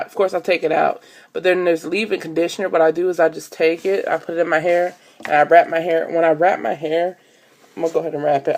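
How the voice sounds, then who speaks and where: A woman's voice: low voice, a little mellow. A young woman vlogging casually into her phone camera, rambling with lots of fillers. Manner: chatty, rambling with many fillers.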